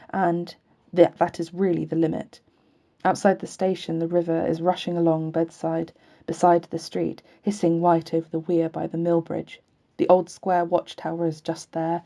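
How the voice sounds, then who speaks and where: A woman reading a novel aloud in an earnest, even first-person voice. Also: on the low side, vocal fry. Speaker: audiobook reader.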